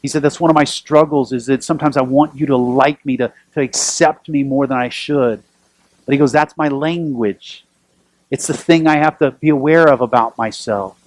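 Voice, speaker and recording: A man preaching a sermon as pastor, telling lively stories with self-deprecating humor. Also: mid-range voice, normal speed, no room sound, rough recording.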